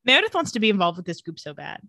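A woman co-hosting a casual recap chat, sarcastic and quick to laugh. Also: on the low side, very animated, vocal fry, sharp tone, no echo. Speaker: podcast co-host.

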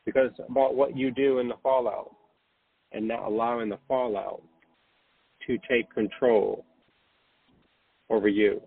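A man hosting a late-night spiritual podcast, gently reassuring listeners and guiding them to breathe and relax. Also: medium pitch, fairly even intonation, a little slow, creaky, pauses often, breathy edge, no echo. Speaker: podcast host. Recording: dry, phone-like narrow sound.

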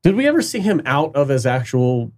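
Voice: mid-range voice, big pitch swings, brisk, a little mellow. A podcast co-host chatting casually and offhandedly, also reading out the live chat. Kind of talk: casual chat about a TV series.

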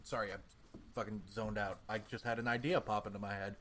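A man's voice: lowish voice, flat delivery, a little fast, fairly bright tone, a little hiss or hum. A young man co-hosting a casual podcast, jokey and blunt, swearing freely. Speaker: podcast co-host.

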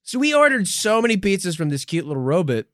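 A man's voice: sits high, fast, no echo, studio quality. A man co-hosting a comedy podcast, improvising a profane story and acting out voices along the way. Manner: profane, animated, acts out voices in stories.

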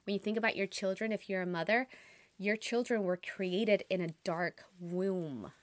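A young adult woman, a meditation teacher and podcast host, telling spiritual stories earnestly with lively bursts of excitement. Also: mid-range voice, normal speed, dry recording. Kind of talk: reflective spiritual monologue.

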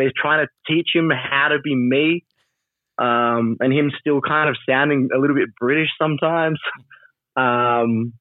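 A chatty man talks in a loose, rambling way, laughing often and leaning on fillers. His voice comes over a thin, tinny phone-like line with no room sound at all. He sits at a middle pitch for a man. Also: dry recording. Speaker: wrestler and trainer, interview guest. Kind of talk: casual interview over a call.

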